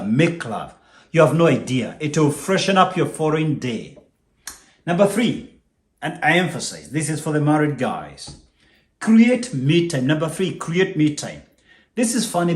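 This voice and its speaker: A man's voice: on the high side, roomy sound. A man hosting a business channel, giving a motivational talk to the camera, emphatic and preachy, repeating his key points.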